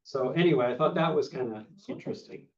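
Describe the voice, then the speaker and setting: A man's voice: medium pitch, quick pace, distant mic. A man hosting a casual film discussion group, chatty, with many fillers and restarts, heard over a muffled video-call recording. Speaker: discussion host.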